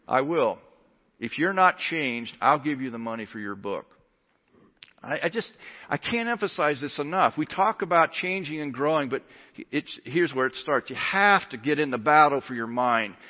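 A man's voice: medium pitch, animated, normal speed. A man preaching a sermon as pastor, emphatic and earnest. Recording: lo-fi recording in a reverberant hall.

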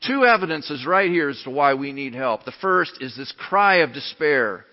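A man's voice: a little high, lively intonation, normal speed. A man preaching a sermon as pastor, emphatic and earnest. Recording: lo-fi recording in a reverberant hall.

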